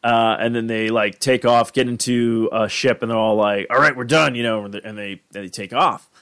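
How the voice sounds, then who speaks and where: A man's voice: on the low side, flat delivery, normal speed, smooth. A man hosting a podcast, giving a casual rambling recap full of fillers and restarts. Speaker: podcast host.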